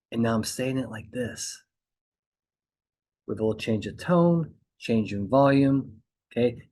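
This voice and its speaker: A man's voice: medium pitch, darkish tone. A man hosting a podcast, coaching lawyers on courtroom speaking in an emphatic monologue. He repeats his points and keeps checking in with "okay?". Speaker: trial consultant podcast host.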